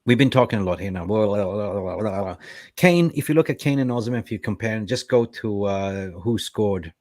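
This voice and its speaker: A man's voice: lowish voice, fairly quick, darkish tone, dry recording, studio quality. A man co-hosting a casual football fan show, reading viewer comments aloud and reacting to them. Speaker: co-host reading live chat.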